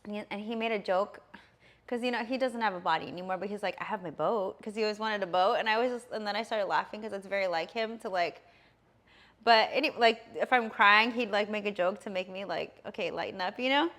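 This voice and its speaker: A woman's voice: mid-range voice, quick pace, a bit bright. Woman, 30s, podcast guest; rambling storyteller, lots of fillers, mid-range voice. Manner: rambling storyteller, heavy on fillers, often laughing. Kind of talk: casual podcast chat.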